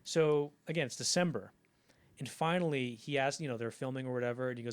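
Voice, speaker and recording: Man animatedly retelling a film-set story. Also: medium pitch. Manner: animated retelling, swearing, slips into quick character voices. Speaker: podcast host. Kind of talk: casual storytelling chat.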